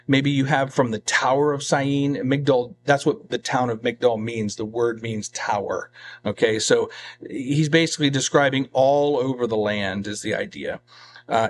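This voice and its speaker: A man's voice: mid-range voice, normal speed, a little hiss or hum. A man, a pastor, teaching a verse-by-verse sermon in a conversational way, reading scripture and then explaining it with asides and rhetorical questions. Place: church.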